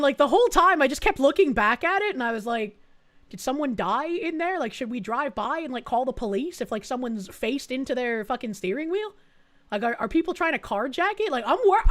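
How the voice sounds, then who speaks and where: High-voiced, excitable, swearing woman streamer. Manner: excitable, profane, exclaiming reactions. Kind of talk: live game stream commentary.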